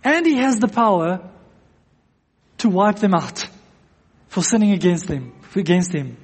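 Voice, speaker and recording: High-voiced preacher with a hall echo. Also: male voice, animated, unhurried, breathy edge. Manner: earnest, repeats phrases for emphasis. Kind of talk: sermon. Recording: long echo of a church hall.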